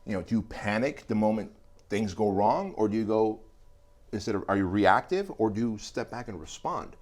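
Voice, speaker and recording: A man's voice: lowish voice, normal speed. A middle-aged man, a guest on a podcast interview, telling stories and acting out quotes. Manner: animated storytelling, acts out quotes. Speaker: entrepreneur guest.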